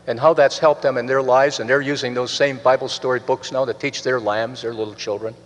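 An older man preaching a sermon in an earnest, rambling way, restarting phrases and swinging his pitch up and down. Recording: long reverb of a hall.

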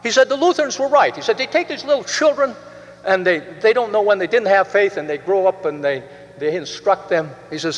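A man's voice: expressive, a little fast. Older male preacher, earnest and rambling, long hall reverb. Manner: earnest, rambling with restarts, pitch rising and falling widely. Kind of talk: sermon.

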